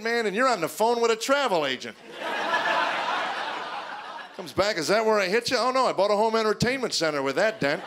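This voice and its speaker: A middle-aged man performing a stand-up comedy routine on stage before a live audience, telling stories and acting out other people's voices. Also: sits high. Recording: noisy live recording with audience laughter.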